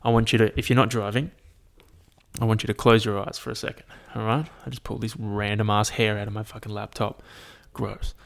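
A man's voice: fairly low pitch, little pitch movement, fast, gravelly. A young man hosting a solo podcast, talking casually with lots of swearing and fillers. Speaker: podcast host. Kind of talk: solo podcast rant and storytelling.

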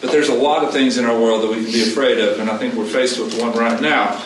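A man preaching a conversational sermon, asking his listeners questions and repeating his key points in an animated way. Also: mid-range voice, fast. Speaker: pastor. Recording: echoey room, distant mic, background noise.

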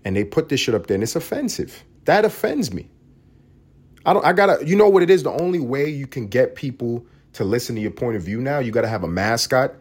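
A man's voice: mid-range voice, expressive, a little fast, slightly rough. A man hosting a solo podcast, ranting in a profane, heated and sarcastic way. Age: adult parent. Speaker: podcast host.

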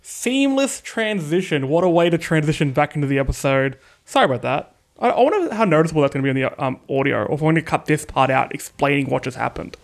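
A man's voice: a little high, lively intonation, quick pace, vocal fry, hardly any pauses. A young man co-hosting a podcast in casual chat, teasing and joking with his co-host.

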